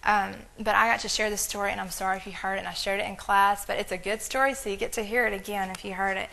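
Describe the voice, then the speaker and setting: A woman giving an informal sermon, animated and rambling, retelling stories with quick asides. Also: mid-range voice, gravelly, poor audio. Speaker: church speaker.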